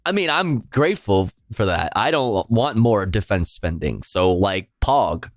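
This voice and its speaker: Male streamer, snarky and sweary, pitch swinging widely, dry close sound with soft music underneath. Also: sing-song, a little slow, dry recording. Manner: sarcastic, profane, incredulous, laughs often. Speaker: streamer reacting to a speech. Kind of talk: casual reaction commentary.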